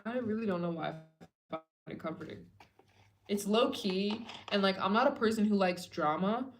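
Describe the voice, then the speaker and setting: A young woman hosting a travel fundraiser livestream late at night, tired and chatting loosely with viewers, trailing into low murmurs between bursts of excitement.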